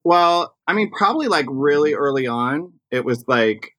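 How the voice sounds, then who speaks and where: A man who performs in drag, telling stories in a casual interview, animated and full of fillers. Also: a little high, normal speed, no room sound. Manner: animated storytelling, chatty with fillers.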